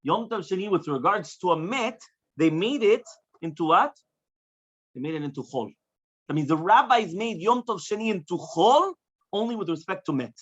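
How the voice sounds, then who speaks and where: A man's voice: high-pitched, animated, moderate pace, husky. A man, a rabbi, teaching a Talmud class to students. He translates the text phrase by phrase and keeps checking in with "right?" and "yeah?". The recording is dull and lo-fi. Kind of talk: Talmud study lecture.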